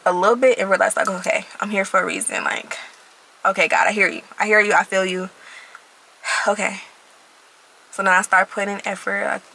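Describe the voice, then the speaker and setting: A young woman shares her faith testimony in an earnest, emphatic way, often repeating a phrase to drive it home. Her voice is bright and sharp, with a gravelly fry running through it. She talks casually, as if to friends watching. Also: mid-range voice, low-quality recording. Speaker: vlogger sharing her testimony. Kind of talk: personal faith testimony, casual talk to camera.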